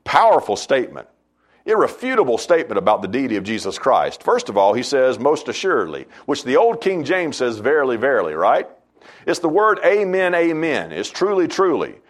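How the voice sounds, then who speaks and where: A man's voice: wildly swooping pitch, normal speed. Emphatic man preaching a sermon. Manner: emphatic, wide swings between loud high stresses and low quiet asides. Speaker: pastor.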